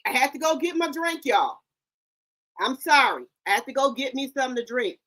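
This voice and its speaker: Chatty high-voiced woman livestream host. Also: animated, fairly quick, a bit bright. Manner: chatty, talks straight to the chat. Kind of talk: casual livestream chat. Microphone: headset or desk microphone.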